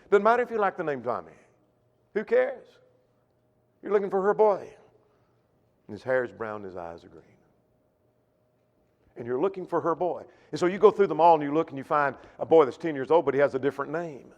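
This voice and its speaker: A man preaching a sermon, emphatic, slowing on key points and asking rhetorical questions. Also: on the high side, lively intonation. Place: church auditorium. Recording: long hall reverb.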